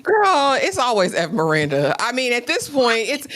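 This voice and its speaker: A woman co-hosting a live TV recap, talking in a relaxed, thoughtful, conversational way. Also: on the high side, normal speed. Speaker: co-host reviewing a TV episode. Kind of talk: casual live recap chat.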